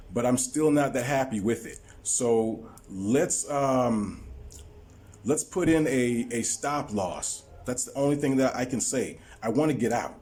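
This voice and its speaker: A man talking viewers through his stock trade on screen, halting often with repeated words and fillers. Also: mid-range voice, a little mellow. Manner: explaining to viewers. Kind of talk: screen-recorded trading walkthrough.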